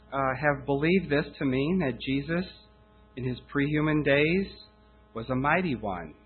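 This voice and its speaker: Guy preaching a bible talk, steady explanatory way, sounds like an old phone line with hum. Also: a little high, slightly rough. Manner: measured, explanatory, with fillers and restarts. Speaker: Bible teacher. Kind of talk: sermon talk. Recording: phone-like lo-fi with mains hum and faint music.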